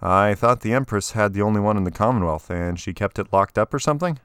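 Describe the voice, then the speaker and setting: A man voicing a curious young man who asks earnest, quick questions. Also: lowish voice, fairly bright tone, clean tone, no echo, studio quality, lightly acted.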